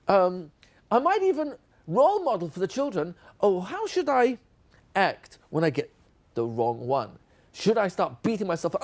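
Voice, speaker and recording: A man's voice: high voice, sing-song, moderate pace. A man giving a teacher training session, playfully acting out classroom exchanges with children.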